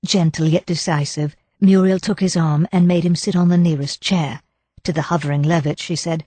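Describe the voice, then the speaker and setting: A woman narrating a cozy mystery audiobook in an even, measured storytelling style. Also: lowish voice, no room sound. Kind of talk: scripted narration.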